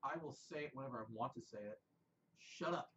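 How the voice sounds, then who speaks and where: A man's voice: mid-range voice, brisk. A man co-hosting a podcast in casual chat, teasing and pushing to get back on topic. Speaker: podcast co-host. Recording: dull lo-fi audio with faint noise.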